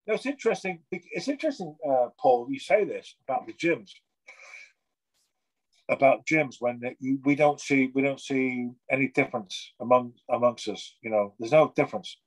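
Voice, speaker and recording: A middle-aged man from England, chatting as a guest in a lively, animated way, swearing freely and acting out gym conversations. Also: medium pitch, moderate pace, rough recording. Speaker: guest artist. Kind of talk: casual chat.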